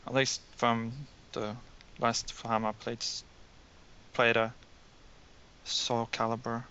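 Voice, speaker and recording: A man's voice: mid-range voice, completely flat delivery, slow pace, pushed and bright. A man co-hosting a casual gaming podcast, talking bluntly and with strong opinions. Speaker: podcast co-host. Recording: dull lo-fi with faint hiss.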